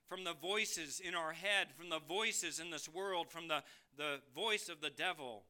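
A man preaching a sermon from the pulpit, moving between emphatic rises and soft low drops, asking the congregation questions. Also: unhurried, hardly any pauses. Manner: addresses listeners as beloved, asks them questions. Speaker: pastor.

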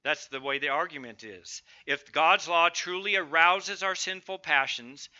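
A man's voice: a little high, pushed and bright, lo-fi sound. A middle-aged man preaching a sermon, emphatic and building lists of strong words. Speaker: pastor.

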